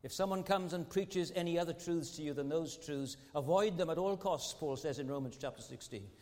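A man's voice: on the high side, fairly quick, a little mellow. A man preaching a sermon as pastor, earnest and fond of rhetorical tag questions. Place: large church sanctuary. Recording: long church hall reverb.

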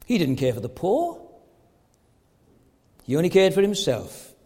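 A man preaching a sermon as pastor, emphatic and full of rhetorical questions, slowing down to stress his points. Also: high-pitched, huge pitch swings, a little mellow, breathy edge, big-room sound.

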